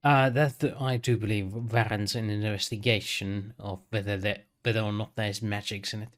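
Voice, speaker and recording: Male player, lowish voice, brisk practical talk. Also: fairly even intonation. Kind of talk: casual tabletop play.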